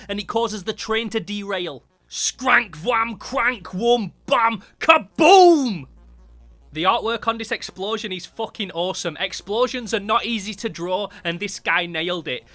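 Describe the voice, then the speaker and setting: A man's voice: sits high, fairly even intonation, moderate pace, few pauses, pushed and bright. A man reviewing a horror comic in casual, enthusiastic, sweary narration, acting out its sound effects.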